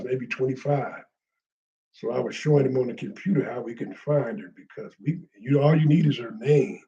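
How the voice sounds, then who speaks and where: A man's voice: mid-range voice, mellow, dull audio. A man telling a heartfelt personal story in a rambling, casual way, with street slang.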